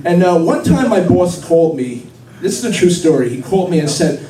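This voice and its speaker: A man's voice: a little high, animated, brisk, warm tone. A young man performing a rambling stand-up comedy set, with self-deprecating punchlines, at a live event with an audience. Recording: echoey hall recorded from far off with crowd noise.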